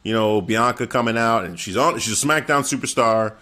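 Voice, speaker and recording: A man's voice: mid-range voice, a little fast, bright, forceful tone. A man hosting a casual chat, rambling and correcting himself as he asks questions.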